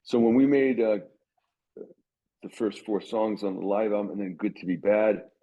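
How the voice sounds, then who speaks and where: A man's voice: on the low side, steady tone, moderate pace, mellow, rough recording. A middle-aged man, a guitarist being interviewed, telling stories in a rambling way with many restarts and acted-out quotes. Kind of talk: casual interview storytelling.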